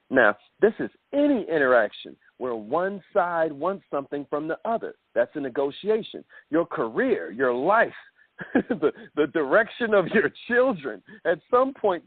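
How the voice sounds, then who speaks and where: Animated man coaching over a tinny phone line. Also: a little high, unhurried, dry recording. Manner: animated, addresses listeners as millionaires. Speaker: self-development coach. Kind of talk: motivational call training. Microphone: phone call.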